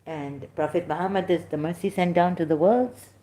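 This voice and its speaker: A middle-aged woman with a low, mellow voice talks through religious questions off the cuff. She wanders from point to point, stopping on "uh" and restarting her sentences. It comes across as unscripted commentary. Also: normal speed. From Pakistan. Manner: rambling and hesitant, with frequent fillers and restarts.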